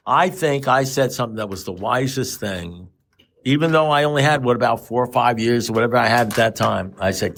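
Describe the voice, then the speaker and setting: A man's voice: medium pitch, expressive, fairly quick, gravelly, a bit bright, slight background noise. A man telling his story at a recovery meeting, rambling and self-mocking with dry humor. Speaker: AA speaker sharing his story.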